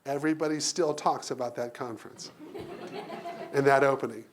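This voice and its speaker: A man giving a lively keynote speech to an audience, telling stories, acting out voices and laughing often. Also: medium pitch, moderate pace, slight background noise. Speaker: keynote speaker. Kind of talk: live storytelling speech.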